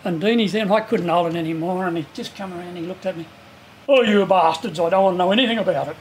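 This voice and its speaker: A man's voice: sits high, fast talker. Blunt older man telling yarns. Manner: blunt, earthy, chuckling anecdotes. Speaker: local landowner recalling the dig. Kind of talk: casual storytelling interview. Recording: faint background noise.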